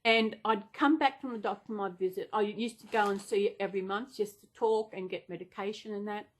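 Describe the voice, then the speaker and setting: A woman's voice: medium pitch, fairly even intonation, a little fast. A woman chatting casually and unplanned in a vlog, rambling and gushing with gasps and restarts. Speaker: vlogger.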